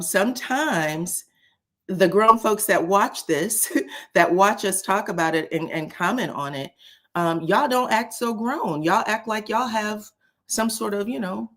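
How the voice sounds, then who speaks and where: A woman hosting a casual commentary show. She talks in a sassy, animated way, often says "child", chuckles, and uses "um". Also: on the low side. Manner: frequent chuckles and filler "um". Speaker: host of a reality TV commentary channel.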